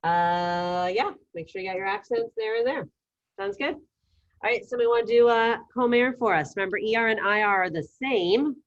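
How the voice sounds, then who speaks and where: A woman teaching an online language class, giving brisk, upbeat coaching over a video call. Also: fairly high pitch, muffled recording. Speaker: Spanish teacher.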